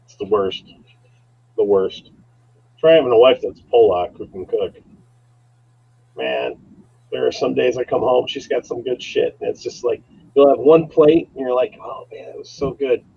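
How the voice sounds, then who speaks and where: A man chatting casually and joking with profanity, with a gravelly, husky voice. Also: mid-range voice, moderate pace, long pauses. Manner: animated, profane joker. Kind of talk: casual chat. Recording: dull lo-fi sound.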